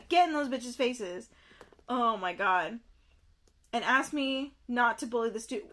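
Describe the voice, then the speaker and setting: A young woman streaming herself reading a book aloud and reacting, animated and quick to exclaim and repeat herself. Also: a little high.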